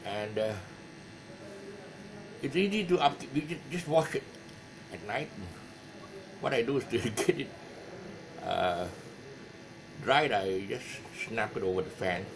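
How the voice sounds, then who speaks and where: A man's voice: mid-range voice, animated, measured pace, long pauses, noisy background. A man with a Malaysian English accent, teaching guitar in a casual, rambling way with many fillers and restarts. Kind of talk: casual video lesson talk. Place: his music shop.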